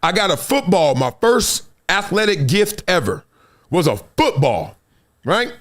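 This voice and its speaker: A middle-aged man with a Southern California accent hosts a live show and tells his story with a high, bouncing voice. He acts out the quotes as he goes and laughs often. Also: big pitch swings, measured pace, fairly bright tone. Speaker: host.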